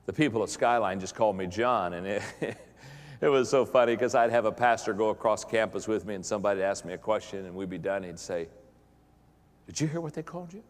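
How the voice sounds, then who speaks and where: A man's voice: on the low side, steady tone, fast talker. A middle-aged man giving a humorous motivational talk to pastors, joking and playfully acting out other voices before an audience in a large hall. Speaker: leadership speaker addressing pastors. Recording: long reverb of a large hall.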